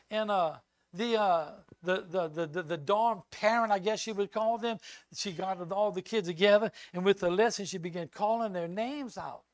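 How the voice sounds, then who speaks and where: Delivering a sermon full of personal storytelling, a high-voiced older man serves as visiting preacher. He animatedly acts out quoted lines at full volume, with no room sound on the recording.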